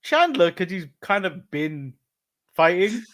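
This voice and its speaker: English guy co-host, high voice, laughs easily, casual recap chat. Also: very animated, takes it slowly, a bit bright. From England. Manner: laughs often, recaps events in a loose, chatty way. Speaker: podcast co-host.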